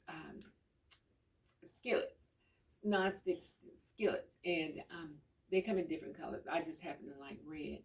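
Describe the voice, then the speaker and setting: A woman's voice: sits low, vocal fry. A middle-aged woman chatting casually and telling rambling, homey stories. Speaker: vlogger. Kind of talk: casual chat. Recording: voice a bit far from the mic.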